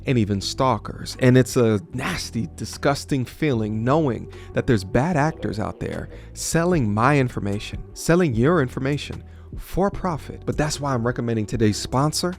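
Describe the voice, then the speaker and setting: A man's voice: medium pitch, creaky. A man hosting a casual commentary channel who talks straight to his viewers in a blunt, incredulous way, recorded close in a home studio.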